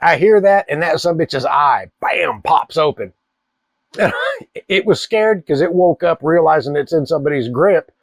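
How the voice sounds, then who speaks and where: A man's voice: fairly high pitch, expressive, moderate pace, no echo. Profane man telling a wild story. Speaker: cigar channel host. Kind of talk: casual storytelling.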